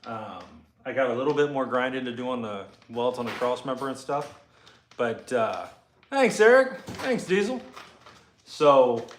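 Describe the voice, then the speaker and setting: A laid-back man talks shop from his garage, answering viewer comments. His talk rambles loosely and he swears freely. The room is echoey, and his voice sits at a middle pitch. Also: moderate pace, a little hiss or hum. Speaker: host and car builder.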